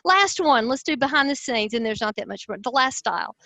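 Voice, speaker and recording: Casting: Southern US woman host, lively and expressive, a bit high-pitched, dry close sound. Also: a little fast, gravelly, no echo, rough recording. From Southern United States. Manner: enthusiastic, expressive. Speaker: host, personality-type teacher. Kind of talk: explanatory conversation.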